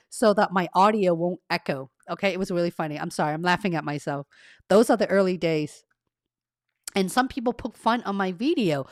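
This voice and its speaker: A woman's voice: fairly low pitch, moderate pace, dry recording, studio quality. A woman career coach hosting a casual live stream, chatting with viewers, reading their comments aloud and laughing at herself. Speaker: career coach and livestream host. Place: carpeted home room treated to cut echo.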